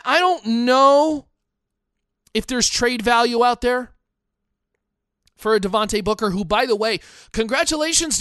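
Man, podcast host, blunt and digressive, crisp voice, dead-dry sound. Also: sits high, sharp tone, no echo. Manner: opinionated, digressive, repeats himself. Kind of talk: sports podcast commentary reading fan comments.

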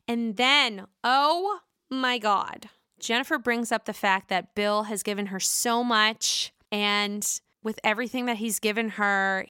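A woman's voice: medium pitch, pushed and bright, clear, resonant tone, no echo, clean studio sound. A woman giving a casual, opinionated and profane recap of a reality show.

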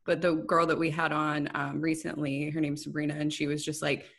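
Podcast co-host, woman, lowish voice, frank and relaxed, casual. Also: a little fast, gravelly. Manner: relaxed, frank, filler-heavy. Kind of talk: casual chat.

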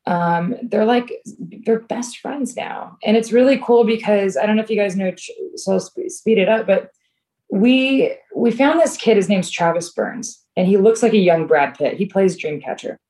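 A woman's voice: mid-range voice, normal speed, dark tone. A woman talking casually in an interview, telling a long story full of "like", fillers and restarts. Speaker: filmmaker guest.

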